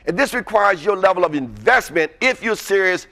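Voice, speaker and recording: A man giving an energetic, casual motivational talk to a live audience in a presentation room, coaxing them to chant along. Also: high-pitched, quick pace, hardly any pauses. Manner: casual, uses y'all. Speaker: presenter at a webinar. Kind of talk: motivational call-and-response talk.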